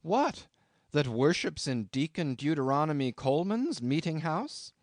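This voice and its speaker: A severe, hollow-voiced old ship owner lectures and scolds in stiff archaic speech, as a male narrator puts him on. The voice sits high and strained above the reader's own. It is a storybook reading in a dry, close room. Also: lively intonation, a little slow, dry recording. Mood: scolding.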